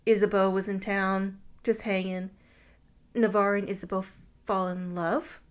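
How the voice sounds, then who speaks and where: A woman's voice: medium pitch, level tone, unhurried. Woman recapping a movie with wry asides. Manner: summarizes the plot with wry, crude asides. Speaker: podcast co-host. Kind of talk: casual movie recap chat.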